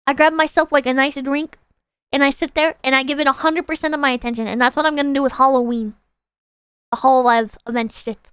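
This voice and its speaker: A woman livestreaming in casual chat, rambling excitably, swearing freely and reading out viewer donations. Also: sits high, fast talker, no echo.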